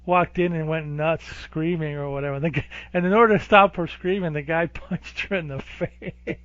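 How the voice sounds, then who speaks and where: A man's voice: on the high side, moderate pace, fairly bright tone, no room sound, dull audio. Offhand, laughing podcast man. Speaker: podcast co-host. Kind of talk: casual movie recap chat.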